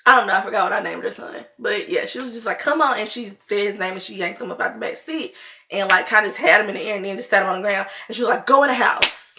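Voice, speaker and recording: A young woman vlogger telling a story in a casual, animated way, full of "like" and acted-out quotes. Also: medium pitch, racing, slight background noise. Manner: animated, chatty, heavy use of "like", acts out quotes.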